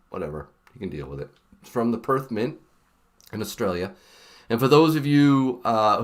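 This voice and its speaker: Lively male livestream host, chatty, swooping pitch, middle-aged, laughs a lot. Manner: animated, chatty, laughs often. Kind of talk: casual livestream chat.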